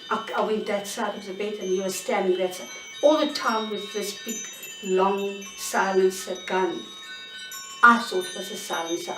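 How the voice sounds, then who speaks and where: A woman in her sixties giving a candid, halting personal account in an interview at home. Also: mid-range voice. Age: 60s. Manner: candid, halting, searching for words. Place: bedroom in her own home. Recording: roomy sound, mic at a distance.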